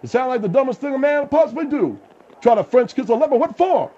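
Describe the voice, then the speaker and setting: A man's voice: extremely high pitch, expressive, quick pace, mellow. A man hosting a comic radio talk show, blunt, bossy and exasperated. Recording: dull lo-fi radio recording.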